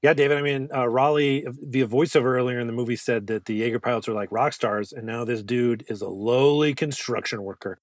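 A man's voice: mid-range voice, brisk, few pauses, dry recording. Jokey man riffing on a dry-sounding podcast. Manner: animated, jokey, profane riffing. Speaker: podcast co-host. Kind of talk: casual movie-review chat.

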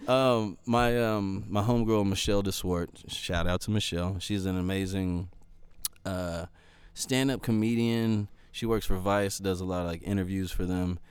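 A man chatting casually, telling animated stories with frequent laughs and acted-out quotes. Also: low voice, normal speed, clean tone, no echo. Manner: animated storyteller, laughs often, acts out quotes. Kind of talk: casual chat.

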